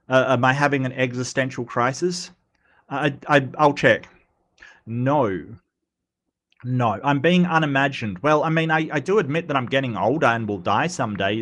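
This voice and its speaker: A man's voice: medium pitch, a bit bright. Guy hosting a live stream, reading out chat comments and riffing back at them, easygoing talk. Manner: reads viewer comments aloud and answers them off the cuff.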